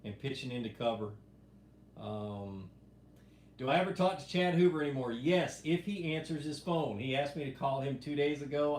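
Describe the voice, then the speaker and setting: A middle-aged man chats casually through a live stream, reading out viewer questions and rambling through his answers. His voice sits in a roomy, echoing space with a faint steady hum behind it. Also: medium pitch. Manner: relaxed, rambling, reads viewer questions aloud. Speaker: fishing show host answering live chat. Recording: echoey room with faint background hum.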